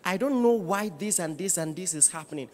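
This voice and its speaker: High, lively preacher. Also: male voice, fairly quick, a little hiss or hum. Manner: animated preaching with rising shouts and bursts of laughter; asks the congregation rhetorical questions. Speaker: pastor. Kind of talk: sermon.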